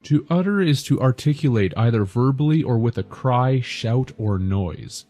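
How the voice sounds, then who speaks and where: A man giving scripted narration in a measured, lecturing delivery. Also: medium pitch, animated, dark tone, faint music behind.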